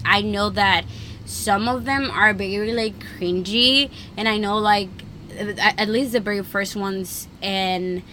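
A woman's voice: mid-range voice, a bit bright, a little hiss or hum. A young woman hosting her own podcast in casual solo chat, rambling and chatty with lots of "like". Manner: chatty, rambling, heavy use of "like". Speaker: podcast host.

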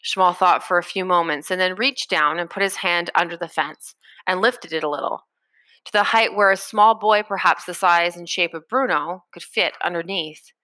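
Woman reading an audiobook, bright clear voice, dry close sound. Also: lowish voice, moderate pace, no room sound. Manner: steady storytelling. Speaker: audiobook narrator. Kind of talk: scripted narration.

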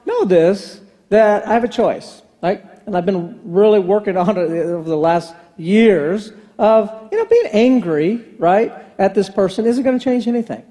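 A man's voice: sits high, normal speed, few pauses, warm tone. A male pastor giving a sermon in a chatty, joking storytelling manner with playful asides to the congregation.

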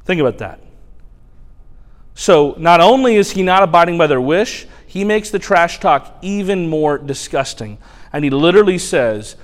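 A man preaching a sermon, retelling a scripture story in animated, colloquial language. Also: fairly high pitch, moderate pace. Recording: long hall reverb.

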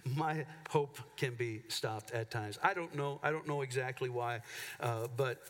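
A man preaches from the pulpit, telling a personal story in a candid, halting way full of restarts. His voice sits in a middle register. The sound rings with the long reverb of a church sanctuary. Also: medium pitch, a bit bright. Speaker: pastor. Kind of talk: sermon.

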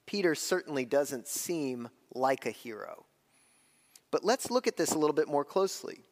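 A man preaching a sermon as pastor, talking in a conversational way, with slow, weighty phrases broken up by quick asides. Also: medium pitch, expressive, in a large hall.

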